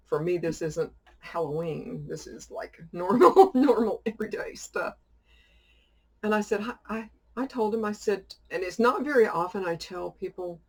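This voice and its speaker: In a lowish, darkish-toned voice, a woman from a witchcraft YouTube channel presents her shopping haul. She keeps things casual, rambling through a story and laughing frequently.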